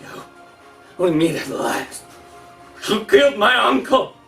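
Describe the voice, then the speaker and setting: A man's voice: a little high, slow, roomy sound. A man voicing an enraged young avenger. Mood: furious. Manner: shouting, accusing. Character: furious young male vengeful fighter. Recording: distant mic with background music.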